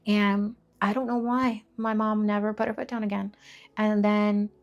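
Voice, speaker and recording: A woman in her twenties frankly sharing a personal faith testimony to camera, emotional and direct, with quick asides and repeated phrases. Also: mid-range voice, flat delivery, dull audio. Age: 20s. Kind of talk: candid personal testimony vlog.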